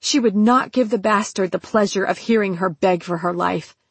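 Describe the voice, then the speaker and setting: A woman reading a dramatic audiobook in a measured, deliberate way. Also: mid-range voice, slightly rough, no echo. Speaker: audiobook narrator.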